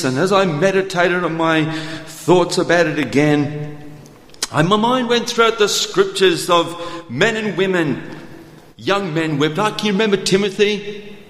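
A man with a high voice preaches a tender, earnest sermon. He slows right down for quiet lines, then rushes through asides. His voice rings out in a roomy hall with a long echo. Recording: echoey hall.

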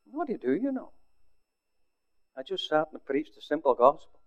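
An older man, a pastor, telling a story in a sermon, often dropping his voice to a near hush for quoted words. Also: mid-range voice, wildly swooping pitch, brisk, long pauses. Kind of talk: sermon testimony. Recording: phone-like narrow sound.

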